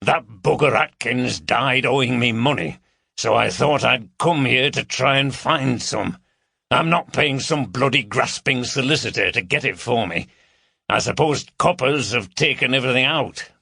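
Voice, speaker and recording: Brief: narrator doing a big blunt Yorkshireman, slow, gravelly and mocking, storybook. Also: mid-range voice, pushed and bright, no echo, studio quality, pitched above the performer's own voice, heavily acted. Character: bulky, crude, mocking middle-aged man.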